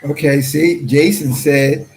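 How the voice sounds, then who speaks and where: A man hosting his own channel, reading viewer comments in a rambling, blunt way and clearing his throat often. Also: a little high, steady tone, takes it slowly, a crowd in the background, low-quality recording. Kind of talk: casual livestream commentary.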